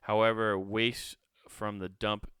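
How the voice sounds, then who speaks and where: A man's voice: fairly low pitch, level tone, slow, a bit bright, clear, resonant tone, no room sound. A man hosting a solo comedy podcast, ranting in a profane, rambling, incredulous way on a close podcast mic. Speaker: podcast host.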